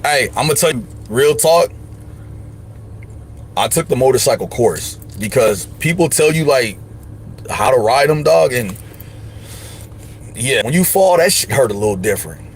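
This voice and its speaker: A man's voice: medium pitch, lively intonation, measured pace, long pauses, a little hiss or hum. A man hosting a livestream, giving emphatic, slangy advice in casual chat. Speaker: livestream host.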